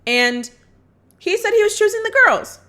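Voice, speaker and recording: A woman's voice: very high-pitched, sing-song, normal speed, bright, forceful tone. A woman vlogger casually recapping a movie plot in a chatty, upbeat way, speaking straight to her viewers. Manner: chatty, acts out characters' lines while retelling.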